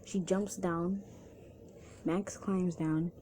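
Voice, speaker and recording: A woman's voice: on the low side, steady tone, moderate pace, dark tone, a little hiss or hum. A woman narrating a second-person fan story casually, with restarts and chatty asides.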